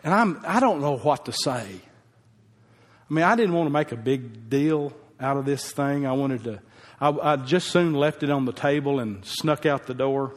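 A man's voice: mid-range voice, moderate pace. A man, a pastor telling a heartfelt personal story in a folksy sermon. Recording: long hall reverb.

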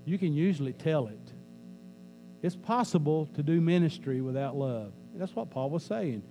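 Mellow-voiced pastor preaching to a congregation. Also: male voice, a little high, lively intonation, moderate pace, slight background noise. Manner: conversational, joking, repeats lines for emphasis. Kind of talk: sermon. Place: church.

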